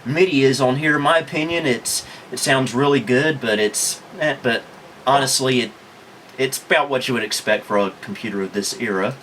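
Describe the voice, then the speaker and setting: Relaxed man hosting a retro tech chat. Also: medium pitch, normal speed, slight background noise. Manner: relaxed, rambling with many ums. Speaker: host. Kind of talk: casual tech review chat.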